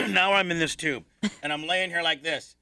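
A man with a bright, forceful voice tells a long, animated story on a radio talk show. He stumbles and restarts often and mimics the other voices in his tale. The studio sound is close and dry. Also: normal speed, creaky, smooth, dry recording. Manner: acts out other people's lines in a higher voice.

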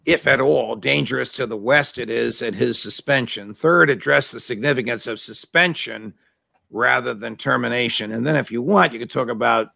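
A man's voice: medium pitch, normal speed, vocal fry, bright, forceful tone, no room sound. A man hosting an interview, asking wry, point-by-point questions of his guest. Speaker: talk show host.

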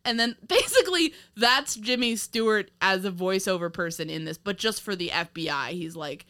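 Bright-voiced woman chatting loosely about a film. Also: medium pitch, expressive, normal speed, hardly any pauses. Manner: rambling, laughs often, many fillers and restarts. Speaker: podcast co-host. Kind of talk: casual film review chat.

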